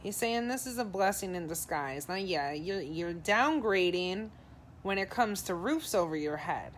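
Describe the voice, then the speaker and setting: A woman's voice: fairly low pitch, animated, unhurried. Plain-talking woman giving a psychic reading. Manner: relays spirit messages in the first person, casual and direct; advising, frank tone. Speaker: psychic medium. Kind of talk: live-streamed psychic reading.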